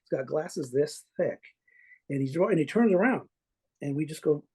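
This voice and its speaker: A man's voice: fairly high pitch, lively intonation, normal speed, darkish tone, breathy edge. A man being interviewed as a guest artist, telling long, rambling anecdotes full of restarts and little chuckles. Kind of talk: casual interview storytelling.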